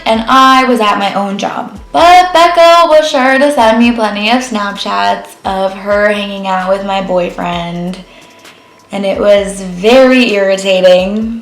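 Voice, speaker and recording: A young woman vlogger retelling a personal drama in a chatty, profane way, full of "like" fillers. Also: mid-range voice. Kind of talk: storytime vlog. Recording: echoey room, faint music.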